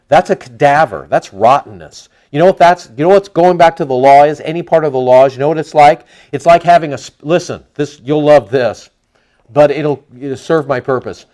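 In a mid-range voice, a man offers a conversational Bible teaching. He reads scripture aloud at a slower, louder pitch of delivery and asks his listeners rhetorical questions along the way.

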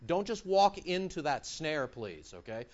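Animated, high-pitched male preacher. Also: measured pace, dull audio. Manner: animated, emphatic, mocking rhetorical questions. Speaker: pastor. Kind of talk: sermon.

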